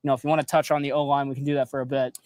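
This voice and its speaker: A man's voice: mid-range voice, level tone, very fast, darkish tone, clean tone, dry recording, studio quality. A young man co-hosting a college football talk show, talking loosely with lots of fillers. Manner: conversational, many fillers. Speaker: sports show co-host. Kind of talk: sports analysis chat.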